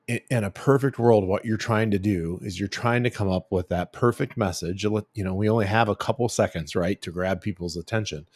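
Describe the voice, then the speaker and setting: A man's voice: on the low side, no echo. A middle-aged man giving a casual branding presentation, chatty and full of fillers and restarts. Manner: chatty, filler-heavy, self-correcting. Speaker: agency CEO giving a branding talk.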